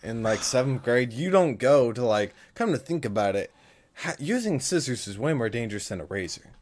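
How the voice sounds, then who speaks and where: A man's voice: medium pitch, animated, normal speed. A young man hosting a casual chat, crude and joking, often laughing. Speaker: podcast host.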